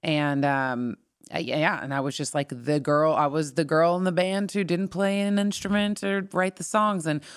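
A woman from California, a singer-songwriter guest, rambling through animated stories in a casual interview. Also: low voice, normal speed, clear, resonant tone, dry recording, clean studio sound.

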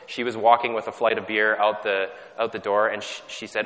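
A man's voice: fairly low pitch, level tone, fairly quick, fairly bright tone. A man from Canada preaching a sermon in a conversational, self-deprecating way, often restarting his sentences. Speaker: pastor. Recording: long hall reverb.

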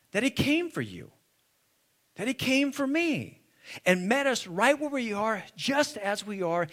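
A male pastor preaching a sermon, swinging between hushed, quiet lines and emphatic ones, often asking the congregation questions. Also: high-pitched.

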